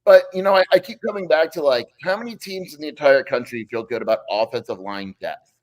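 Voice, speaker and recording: A man's voice: on the high side, fairly quick, poor audio. Blunt male sports co-host. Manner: blunt, matter-of-fact. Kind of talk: live sports talk stream.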